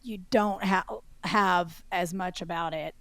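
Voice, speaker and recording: A woman co-hosting a podcast in casual chat, an animated, expressive storyteller who laughs often. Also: fairly low pitch, takes it slowly, no room sound. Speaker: podcast co-host.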